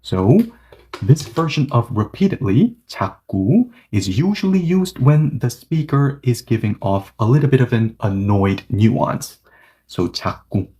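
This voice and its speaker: A male language teacher walks through a grammar point, his voice warm and mellow yet swinging up and down as he acts out little example lines. He peppers the explanation with "okay" and "yes" asides. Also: medium pitch, expressive, measured pace.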